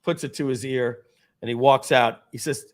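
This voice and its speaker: A man's voice: mid-range voice, fairly even intonation, moderate pace. A middle-aged man, a company founder, telling a dramatic personal story at a company event and acting out the scenes.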